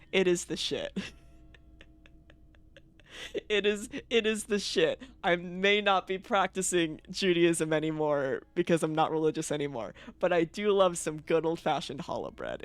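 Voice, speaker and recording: A game streamer talking loosely to a live chat, swearing freely and breaking into laughs between complaints. The voice is smooth and clean, recorded close on a streaming mic in a dry space with no room sound. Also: medium pitch, dry recording.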